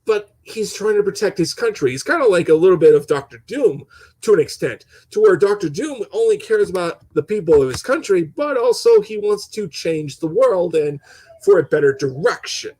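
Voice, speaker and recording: A man's voice: high voice, expressive, normal speed, a little mellow, breathy edge, rough recording. A young man in a casual, passionate opinion rant as a gaming channel host, rambling with stuttering restarts and swearing.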